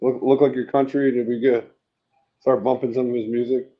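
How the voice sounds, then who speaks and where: A man's voice: medium pitch, flat delivery, brisk. Teasing man, dull lo-fi sound. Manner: teasing, joking. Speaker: podcast co-host. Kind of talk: casual chat.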